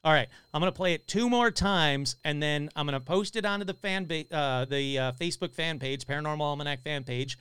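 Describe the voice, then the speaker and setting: Excitable man hosting a podcast. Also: a little high, fairly quick, hardly any pauses, clean tone. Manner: excitable, casual, swears a lot. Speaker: paranormal podcast host. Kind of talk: live podcast chat reading viewer comments.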